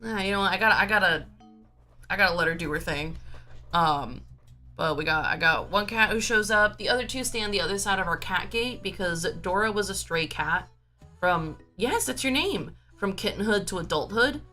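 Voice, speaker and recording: A woman's voice: medium pitch, lively intonation, moderate pace, pushed and bright, soft background music. A woman streaming from home in a casual, rambling chat, full of filler words and restarts. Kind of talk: casual chatty livestream talk.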